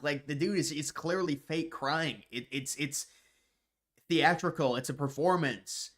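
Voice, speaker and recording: With a slightly high, somewhat bright voice at normal speed, a man hosts a live stream and responds to viewer questions. His casual answers ramble, repeat words at sentence starts, and include sneering asides.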